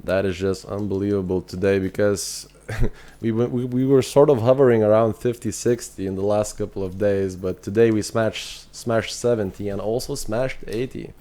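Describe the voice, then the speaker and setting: A man's voice: on the low side, normal speed, warm tone. Chatty Irish man streaming a game. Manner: chatty, thinks aloud with fillers and restarts; reads chat messages aloud and answers viewers. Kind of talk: casual live-stream chat.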